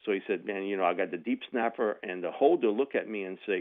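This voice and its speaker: On a tinny phone line, a radio guest with a lowish voice tells a sports story at a quick pace with few pauses. He's animated, mimicking the voices of the people in his anecdotes and laughing along.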